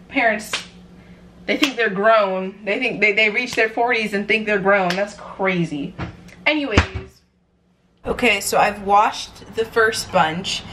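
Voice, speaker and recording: A woman's voice: mid-range voice, slow pace, fairly bright tone, slight background noise. A young adult woman chatting casually in a cooking vlog, sassy and dramatic with asides to the camera. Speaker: vlogger.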